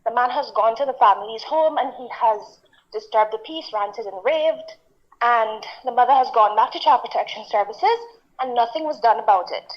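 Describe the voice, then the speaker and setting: An emotional woman calls in over a muffled phone line. Her voice sits fairly high, and she speaks hesitantly, apologizing as she goes. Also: normal speed. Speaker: caller.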